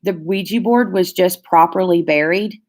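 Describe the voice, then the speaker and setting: A woman's voice: fairly low pitch, normal speed. A young woman hosting her own channel, telling a story in casual, profane chat, full of "like"s. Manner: profane, animated storytelling with many "like"s. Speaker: channel host.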